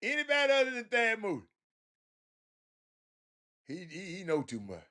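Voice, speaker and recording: This man's voice is high-pitched and moves at a moderate pace. He's hosting a laid-back sports talk livestream in a Houston, Texas accent, staying animated, laughing often, and addressing his chat head-on.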